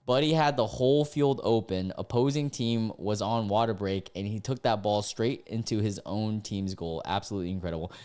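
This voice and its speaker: A man's voice: moderate pace, hardly any pauses, darkish tone, clear, resonant tone. Young man reacting with laughs and disbelief. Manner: reads posts aloud, then reacts with laughs and sudden high-pitched disbelief. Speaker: streamer reacting to dating app posts. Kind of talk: casual reaction commentary.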